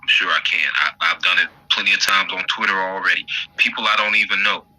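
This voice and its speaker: A man guest in a casual chat, speaking earnestly and confidently about his healing tones. His voice sits very low with a husky grain, and it comes across dry and close. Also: fast, pushed and bright, dry recording, low-quality recording.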